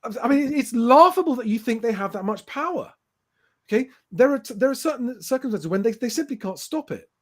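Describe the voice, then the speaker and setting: A man's voice: very high voice, animated, a little fast. Emphatic man rebutting comments. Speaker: host. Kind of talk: casual live-stream commentary.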